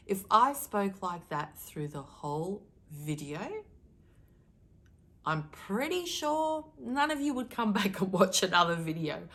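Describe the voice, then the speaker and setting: A middle-aged woman delivering a channeled daily message to her viewers, emphatic and animated, deliberately shifting her tone to stir emotion. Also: medium pitch. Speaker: spiritual card reader.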